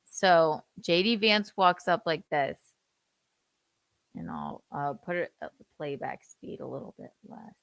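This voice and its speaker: Woman host, comedic chat, lowish voice, unhurried, dry booth sound. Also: vocal fry, no echo. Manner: teasing, playful, deadpan jokes. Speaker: podcast host.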